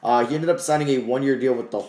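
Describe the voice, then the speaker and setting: A man giving casual commentary over his own video game playthrough, excited and shouting at big wins, low and grumbling at losses. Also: quick pace, echoey room. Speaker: gaming YouTuber.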